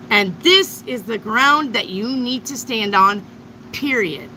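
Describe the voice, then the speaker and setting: A woman's voice: on the high side, takes it slowly, pushed and bright, a little hiss or hum, poor audio. A woman giving a live tarot reading to viewers, blunt and emphatic, with frequent swearing. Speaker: tarot reader.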